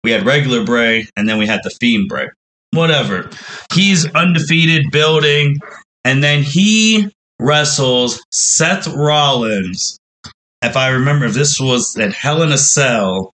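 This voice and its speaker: A man's voice: mid-range voice, animated, a little slow, bright, forceful tone, rough recording. A man hosting a wrestling podcast, recapping in a casual, storytelling way and acting out the fans' reactions as quotes.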